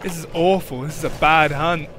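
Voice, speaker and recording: A man's voice: a little high, steady tone, normal speed, noisy background. A man doing casual gameplay commentary, giggling and laughing through his words. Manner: giggly, keeps breaking into laughter. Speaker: gameplay video host. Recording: game music behind the voice.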